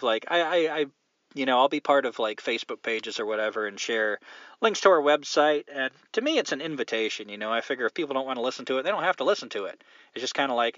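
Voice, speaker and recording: A man's voice: medium pitch, a bit bright, no room sound. A man hosting a podcast alone, talking in a blunt, profane, opinionated way in casual conversation. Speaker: podcast host. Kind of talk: casual solo podcast rant. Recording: dull lo-fi dry sound.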